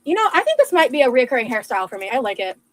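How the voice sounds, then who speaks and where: A woman's voice: on the high side, sing-song, rapid-fire, dry recording, rough recording. A young adult woman chatting casually on a livestream, gushing over viewers' comments with lots of fillers. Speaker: livestreamer reading chat. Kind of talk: casual livestream chat while cooking.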